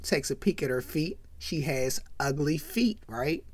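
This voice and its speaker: A host recapping a comedy film scene by scene in a chatty, animated storytelling manner, often checking in with "right?". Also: medium pitch, measured pace, husky, no echo. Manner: animated, conversational storytelling with tag questions.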